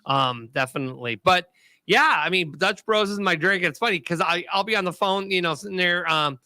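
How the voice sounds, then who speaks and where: A man's voice: sits high, brisk, bright, forceful tone, dry recording. A man hosting an online talk show over a video call, chatting casually and laughing easily. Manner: easygoing, laughs often. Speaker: show host. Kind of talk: casual chat.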